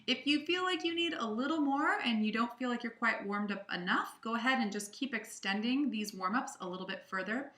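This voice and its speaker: A woman voice coach leading a guided vocal warm-up lesson, cueing and counting the singer through each exercise in an encouraging way. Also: fairly high pitch, expressive, a little fast, hardly any pauses. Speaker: voice and audition coach. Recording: roomy sound with piano behind. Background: piano accompaniment.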